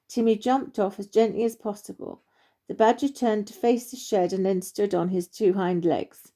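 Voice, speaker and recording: A woman narrating a children's story in a warm, expressive storytelling manner. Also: medium pitch, normal speed.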